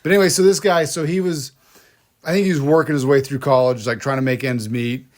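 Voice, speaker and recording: Speaking fast in a steady, darkish mid-range voice, an American man co-hosts a podcast. His casual talk wanders through stories, with frequent restarts and bursts of laughter.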